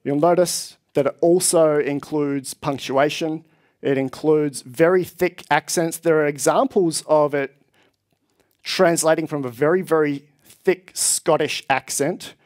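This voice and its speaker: A man's voice: a little high, steady tone, unhurried, darkish tone. A man presenting at a tech conference, explaining with enthusiasm to a live audience. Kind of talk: conference talk. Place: conference hall.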